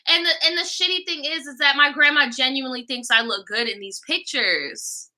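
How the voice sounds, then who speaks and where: A woman's voice: high-pitched, expressive, normal speed, hardly any pauses, bright, forceful tone. A young woman hosting a livestream, telling a story in a casual, profane, exasperated rant. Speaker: livestream host.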